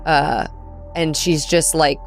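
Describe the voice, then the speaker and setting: A woman's voice: sits low, slow, creaky, music in the background. A woman playing in a tabletop game, chattily describing her character's actions with many fillers. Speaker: player. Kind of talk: casual in-game narration.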